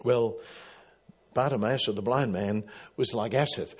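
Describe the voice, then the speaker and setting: A middle-aged man preaching a sermon, swinging from loud emphatic calls to quiet, low asides. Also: measured pace, breathy edge. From Australia. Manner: dramatic, rising to loud emphatic calls then dropping quiet. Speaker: pastor.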